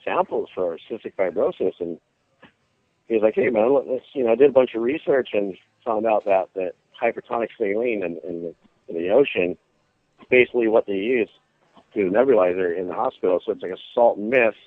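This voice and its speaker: Brisk and fairly low-pitched, the caller is a surf instructor guesting by phone on a show. He tells a surfing story in casual chat, animatedly imitating the voices of those involved, and the line is dry, tinny and echo-free.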